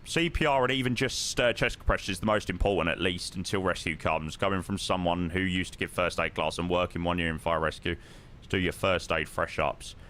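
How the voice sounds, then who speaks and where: A man's voice: deep voice, brisk, fairly bright tone, slight background noise. A man, chatting casually with his live-stream chat while flying a sim, swearing now and then.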